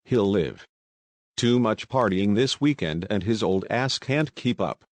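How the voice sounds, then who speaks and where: A man's voice: fairly low pitch, lively intonation, a little slow, dry recording. A man voicing an offhand, dismissive adult male customer in an audiobook.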